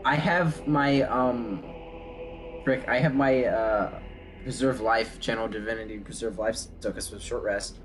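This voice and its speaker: A man's voice: medium pitch, steady tone, unhurried, over music, low-quality recording. A man playing a tabletop game, flustered and searching for words. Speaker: player. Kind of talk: casual tabletop play.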